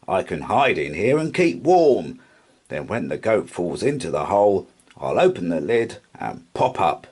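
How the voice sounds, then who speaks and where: A man's voice: low-pitched, very animated, a little slow, a little mellow, breathy edge, full character voice. A man doing a timid, hungry troll. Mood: hopeful. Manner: small shy voice. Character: hungry, timid male troll who loves cooking.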